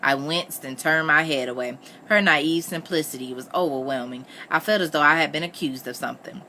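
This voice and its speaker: Woman reader, low pitch, bright tone, steady novel narration. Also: a little fast, a little hiss or hum. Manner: steady first-person narration. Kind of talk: reading a novel aloud.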